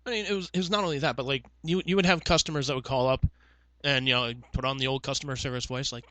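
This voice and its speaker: A man with a bright, forceful voice tells sarcastic call-center stories, swearing freely and mimicking callers. The sound is dry and close, with no room echo. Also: medium pitch, fairly even intonation, fast. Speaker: podcast co-host, former call center worker. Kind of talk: casual storytelling chat.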